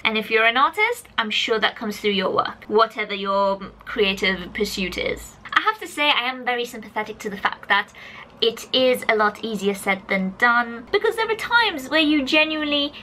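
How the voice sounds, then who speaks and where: Woman vlogger, bright voice, animated and chatty, filming a casual talk at home. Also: medium pitch, moderate pace, poor audio. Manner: animated, chatty, addresses viewers directly. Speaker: YouTube vlogger.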